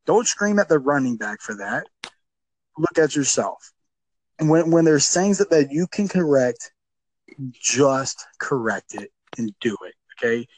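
A man talks casually about coaching, emphatic and quick to repeat himself when fired up. His voice sits at an ordinary pitch. The sound is dry and close, with no room around it. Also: sing-song, dry recording, rough recording. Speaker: youth football coach, podcast co-host. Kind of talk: casual podcast chat.

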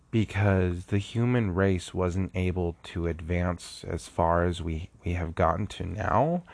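A young man with a low voice muses on his podcast in an unhurried, rambling way, circling back to restart his thoughts. He sounds earnest and reflective, like someone who hasn't slept. The recording is close and dry. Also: dry recording. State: sleepless, recording early in the morning. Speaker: podcast host. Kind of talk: casual solo podcast monologue.

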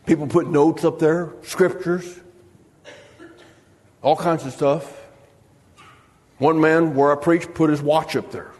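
A preacher with a high voice delivers a sermon, spinning funny stories and slipping into the voices of the people he quotes. The sound hangs in the long reverb of a large church hall. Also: steady tone, takes it slowly, long pauses, darkish tone. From United States. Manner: storytelling with humor, acting out quoted voices. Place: church sanctuary.

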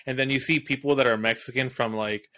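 A man's voice: mid-range voice, fairly even intonation, fast, bright, forceful tone. A man co-hosting a podcast in casual chat, laughing and poking fun at himself. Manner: laughing, self-mocking. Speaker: podcast co-host.

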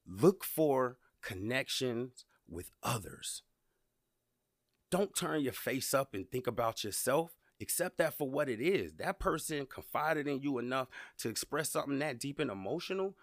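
A man's voice: mid-range voice, big pitch swings, moderate pace, fairly bright tone, no room sound, studio quality. A man from Georgia, hosting a podcast and telling a story to his listeners in a casual, conversational way. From Georgia, USA. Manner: conversational, repeats words, addresses listeners directly. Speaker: podcast host.

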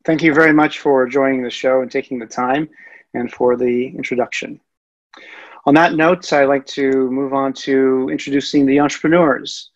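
A man hosts a show over a video call, polite and moderating as he thanks the guests and moves on. His voice is mid-pitched, and the audio is dull and lo-fi. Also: fairly even intonation, moderate pace. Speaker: show host.

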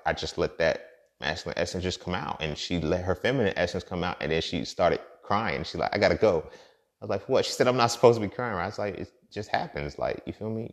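Man, very deep voice, casual podcast monologue, profane, preachy, filler-heavy. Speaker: podcast host.

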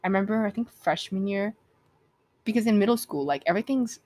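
A woman's voice: medium pitch, lively intonation, a little mellow. A young woman co-hosting a casual chat podcast, talking in a chatty way full of fillers. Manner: chatty, fast filler-heavy talk. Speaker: podcast co-host.

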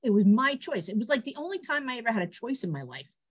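A middle-aged woman telling personal stories on a video call, animated and laughing often. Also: a little high, fast talker, slightly rough. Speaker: guest speaker. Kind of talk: personal storytelling.

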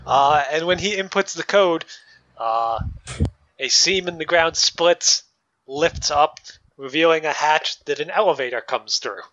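Male game master, wry measured narration, bright tone, dull lo-fi recording. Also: on the high side. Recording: dull lo-fi mic.

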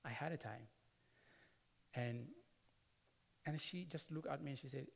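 A man's voice: fairly high pitch, slow, creaky, long pauses, a bit bright. A man preaching a sermon, telling a personal story earnestly, repeating words and adding asides. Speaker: pastor. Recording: long hall reverb.

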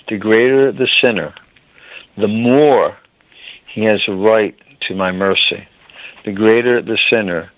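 A man's voice: fairly low pitch, no room sound. A man preaching a sermon, earnest, often addressing his listeners as beloved, choked up with emotion. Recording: dry, phone-like narrow sound.

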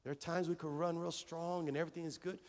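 A man's voice: on the high side, flat delivery, quick pace, darkish tone, big-room sound. A male pastor preaching a conversational sermon to his congregation, repeating phrases and acting out little dialogues. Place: church sanctuary.

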